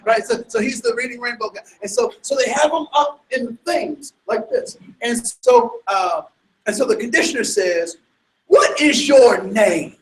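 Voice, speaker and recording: A man giving an animated, emphatic sermon-like talk to an audience, full of rhetorical questions and restarts. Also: very high voice, moderate pace, roomy sound, rough recording. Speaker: speaker addressing an audience.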